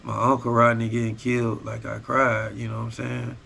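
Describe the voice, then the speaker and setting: A man hosts a podcast and tells a hard personal story in blunt, profane street talk. His voice is bright and mid-pitched, and he keeps checking in with the listener as he goes. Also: completely flat delivery, fairly quick, gravelly, slight background noise. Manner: raw, profane street storytelling with repeated tag phrases. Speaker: podcast host. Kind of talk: casual storytelling.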